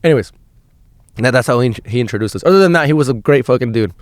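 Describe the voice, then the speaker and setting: A young man hosting a podcast tells a long story in a rambling, profane monologue, full of restarts and fillers. His mid-range voice is expressive and quick-paced, in a dry, studio-quality recording.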